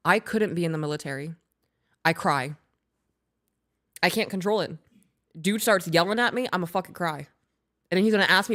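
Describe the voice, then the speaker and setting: A woman's voice: on the low side, brisk, long pauses, a bit bright. A woman co-hosting a podcast in casual chat, talking bluntly with frequent swearing and laughing through her stories. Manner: blunt, profane, laughing while storytelling. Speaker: podcast co-host.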